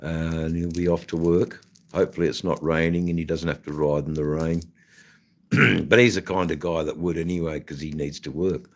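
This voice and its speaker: The channel host, an Australian man with a very deep voice, keeps a steady tone and moderate pace. He rambles through a casual livestream chat, hesitating often and using lots of fillers.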